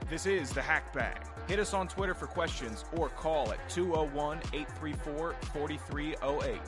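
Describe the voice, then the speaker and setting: A man's voice: fairly high pitch, normal speed, over music, natural voice. A man voicing a pre-recorded segment bumper as an announcer. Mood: announcing.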